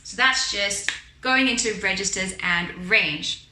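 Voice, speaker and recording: Woman, singing teacher, patient explaining, bright tone, roomy echo. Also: medium pitch, slow pace, slight background noise. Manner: explains patiently, often checks in with "all right". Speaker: vocal teacher. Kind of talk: instructional talk with sung demos.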